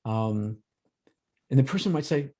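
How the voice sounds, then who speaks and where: A man presenting a workshop in a relaxed, conversational way over a video call, acting out everyday examples. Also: mid-range voice, unhurried. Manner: lively, acts out examples in quoted voices. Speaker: workshop presenter on emotional intelligence.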